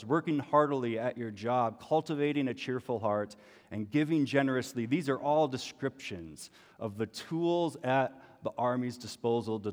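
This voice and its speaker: Guy preaching a sermon, chatty, asks the room questions a lot, mid pitch, big echoey church sound. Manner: conversational preaching with rhetorical questions. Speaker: pastor. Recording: long hall reverb.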